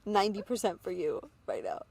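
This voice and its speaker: A woman's voice: mid-range voice, brisk, gravelly, a little mellow. A woman co-hosting a podcast in casual chat, playful and giggly, often dropping into whispered asides. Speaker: podcast co-host.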